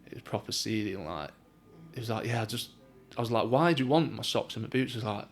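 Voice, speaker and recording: A man's voice: fairly low pitch, expressive, fast, creaky, soft background music. Mancunian man telling stories, chatty. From England. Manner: chatty storytelling, swears, many "like" fillers. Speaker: professional boxer guest. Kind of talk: casual chat.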